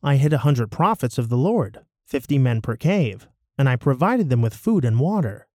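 A frightened male steward, as a man reading scripture puts him on, pleading anxiously with his pitch swinging up and down. The voice is mellow and the recording is dry and close. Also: sing-song, moderate pace, no echo, natural voice.

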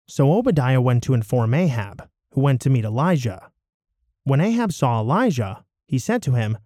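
Expressive man reading scripture. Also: medium pitch, no echo, studio quality. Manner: expressive, measured storytelling. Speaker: scripture reader. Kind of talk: scripted narration.

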